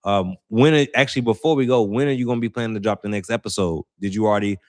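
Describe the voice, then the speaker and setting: Rambling St. guy, low voice. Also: fast talker. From St. Louis, Missouri. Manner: rambling, slangy, self-correcting. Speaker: channel host. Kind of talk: casual livestream chat.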